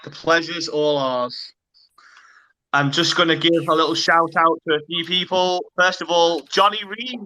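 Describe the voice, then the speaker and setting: Bright, high-voiced Cheshire man hosting. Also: little pitch movement, moderate pace. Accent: Cheshire, northern English. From Cheshire, England. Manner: laid-back, matey, calls guest bro. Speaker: host. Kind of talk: casual online interview chat. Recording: dull lo-fi audio.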